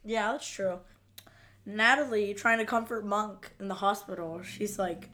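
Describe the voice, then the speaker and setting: A woman's voice: mid-range voice, measured pace, bright, forceful tone. A woman co-hosting a casual podcast chat, chiming in and laughing often, a little farther from the mic. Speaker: podcast co-host. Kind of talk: casual chat recapping a TV episode.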